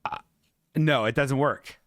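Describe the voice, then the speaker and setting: A man's voice: medium pitch, slow pace, a bit bright, dry recording, clean studio sound. A man hosting a livestream podcast, riffing in casual, profane, sarcastic rants about viewer submissions. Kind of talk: casual comedic chat reading viewer submissions.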